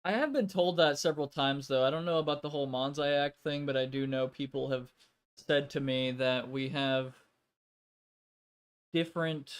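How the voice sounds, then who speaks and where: A man's voice: medium pitch, moderate pace, clear, resonant tone. A man hosting a casual gaming stream, rambling and swearing a lot with plenty of filler words. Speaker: streamer host.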